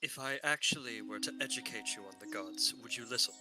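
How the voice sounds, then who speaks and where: A man's voice: medium pitch, fast talker, bright, forceful tone, soft background music. A man playing a character in a tabletop game, prim and indignant.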